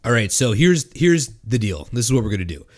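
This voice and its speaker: A man's voice: mid-range voice, very animated. A man co-hosting a casual drinking podcast, rambling and swearing, with lots of fillers and restarts. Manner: rambling, profane, halting with fillers. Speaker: podcast co-host. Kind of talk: casual drinking-show chat.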